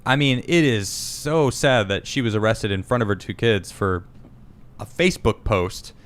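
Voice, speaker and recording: A man hosting a casual podcast stream, reading viewer comments aloud and reacting with quick asides. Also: on the low side. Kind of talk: casual live-stream chat.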